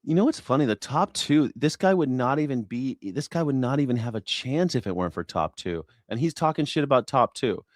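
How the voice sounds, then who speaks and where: A man's voice: medium pitch, animated, a little fast, few pauses, dry recording, studio quality. Profane sarcastic male commentator. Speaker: host. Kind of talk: news reaction commentary.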